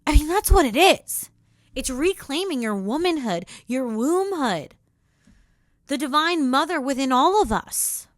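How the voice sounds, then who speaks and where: A young woman with a fairly high voice hosts a spiritual podcast. She talks earnestly and intimately, going from soft, slow reflection to sassy girlfriend pep talk. The recording is dry and close, with no room sound. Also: expressive, dry recording. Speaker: podcast host. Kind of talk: spiritual self-help monologue.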